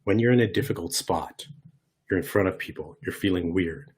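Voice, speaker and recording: A man giving an online workshop lesson in a lively, conversational way, often demonstrating voice shifts. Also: deep voice, normal speed, husky. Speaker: workshop presenter.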